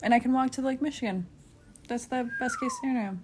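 A woman's voice: high voice, fast, background noise. A young woman co-hosting a podcast, chatting casually and rambling with fillers. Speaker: podcast co-host. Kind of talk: casual chat.

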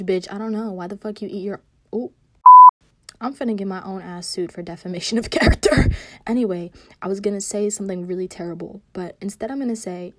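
A woman's voice: medium pitch, fast talker, darkish tone, no room sound. A woman ranting casually to camera, profane and rambling, scolding people who aren't there and dropping into sudden whispered asides. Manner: sassy, scolding an absent target. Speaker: vlogger. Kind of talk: casual rant.

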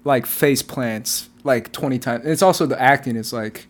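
A man in casual chat, animated and swearing, mocking movie dialogue in put-on voices. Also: mid-range voice, normal speed.

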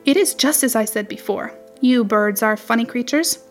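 An eager, cheeky young rabbit teases a friend in a storybook reading, as a woman acts him out. His voice is fairly high and playful. Soft music runs behind. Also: moderate pace, natural voice. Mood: teasing. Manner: eager and teasing.

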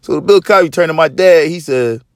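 A man's voice: fairly high pitch, normal speed, no echo, clean studio sound. Profane, swaggering male podcast host. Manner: profane, swaggering, animated storyteller. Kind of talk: casual storytelling chat.

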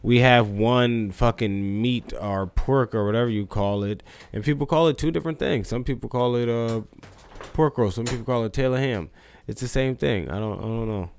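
A man's voice: mid-range voice, moderate pace, slight background noise. A young man from New Jersey co-hosting a podcast, talking loose and profane, with lots of "like" and restarts. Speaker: podcast co-host. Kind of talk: casual podcast chat.

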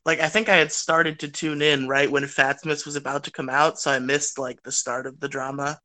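A man's voice: a little high, little pitch movement, moderate pace, bright, forceful tone. A man co-hosting a podcast in casual chat, laid-back, giving short replies. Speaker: podcast co-host.

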